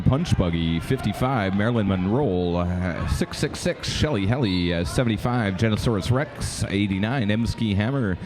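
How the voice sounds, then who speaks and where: A man's voice: lowish voice, background noise. A man co-announcing a roller derby bout, reading the roster with some hesitant fillers and dry jokes. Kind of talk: live sports commentary.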